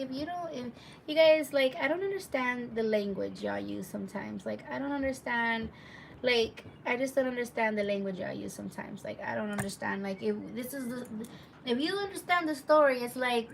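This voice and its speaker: A woman's voice: on the high side, moderate pace, gravelly, far from the mic, a little hiss or hum. A woman telling a story casually on a live stream, rambling and chatty with lots of asides to her viewers, reading their comments aloud as she goes.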